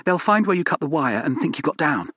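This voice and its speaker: A man voicing a hurried, twitchy man hiding fugitives, who talks very fast and nervously. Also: fairly high pitch, sing-song, fairly bright tone, breathy edge, dry recording, voice pushed up, exaggerated voice.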